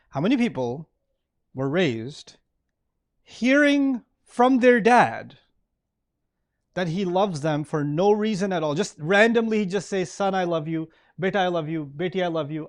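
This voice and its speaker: A middle-aged man giving an animated religious lecture to a live audience, often asking them questions. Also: sits high, dry recording, studio quality. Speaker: Islamic lecturer.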